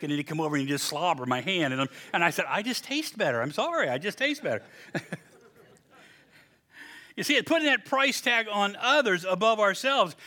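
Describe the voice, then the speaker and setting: Lively, bright-voiced older man preaching. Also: sits high. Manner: animated preaching, acts out voices, laughs at own jokes. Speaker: pastor. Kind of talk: sermon.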